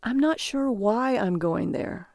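A woman's voice: fairly high pitch, lively intonation, slow, gravelly, darkish tone, no room sound, clean studio sound, full character voice. A woman voicing a curt, icy businessman. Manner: curt, cold. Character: tall stern serious businessman, icy and terse.

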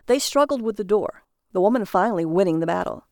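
Gravelly woman reading a story. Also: medium pitch, lively intonation, fast talker, darkish tone, dry recording, studio quality. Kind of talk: storybook narration.

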